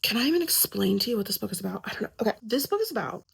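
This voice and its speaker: Excitable, rambling young woman with vocal fry. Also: mid-range voice, rapid-fire. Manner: excitable, rambling, self-mocking. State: short on sleep. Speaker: book vlogger. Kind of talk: casual vlog chat.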